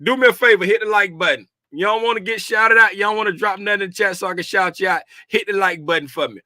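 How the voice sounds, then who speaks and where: Here a middle-aged livestream host talks trading from a room in his house, his high-pitched voice fast, pushed, and bright. He keeps it casual, playful, and folksy, naming viewers as he goes. The recording is studio quality with no room sound.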